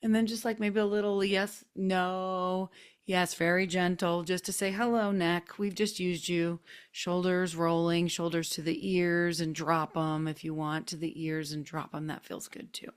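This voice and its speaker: A woman hosting a group video call, chatty and gently coaxing as she guides a neck stretch with soft, drawn-out cues. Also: lowish voice, flat delivery, clean tone. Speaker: host leading a group session. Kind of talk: casual guided stretching instruction. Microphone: computer mic on a video call.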